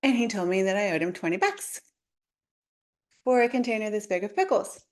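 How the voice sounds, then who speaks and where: A young adult woman, a marketing coach, telling a story in a casual, animated way with lots of "like" fillers. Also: medium pitch, fairly quick. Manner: chatty, animated, many "like" fillers. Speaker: podcast host, marketing coach.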